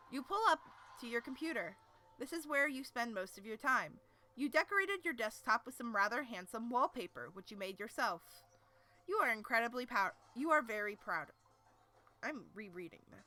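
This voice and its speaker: A woman with a fairly high, sharp-toned voice reads a webcomic aloud during a live stream. She stumbles over words now and then and drops in casual, self-deprecating asides.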